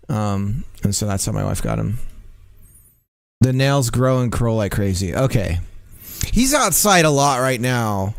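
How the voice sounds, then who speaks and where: A man at home chatting loosely with his stream viewers, his voice sitting at an ordinary middle pitch. He rambles in an easygoing way, trailing off and restarting. The sound is dry, with no room echo. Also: sing-song, measured pace, creaky. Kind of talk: casual chat with stream viewers.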